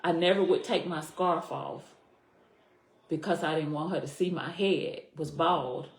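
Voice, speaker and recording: A middle-aged woman with a very low, deep voice tells her own story as a podcast guest. She speaks earnestly and from the heart, repeating key phrases for weight. The sound has a noticeable echo from the room. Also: measured pace. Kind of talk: personal story in a podcast interview. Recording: echoey room.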